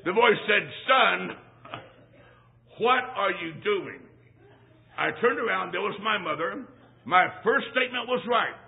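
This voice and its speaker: Man preaching, high voice, folksy and emphatic, storytelling sermon, tinny phone-like sound. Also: animated, unhurried, vocal fry, pauses often. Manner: folksy, emphatic, punchy repetition. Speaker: traveling evangelist.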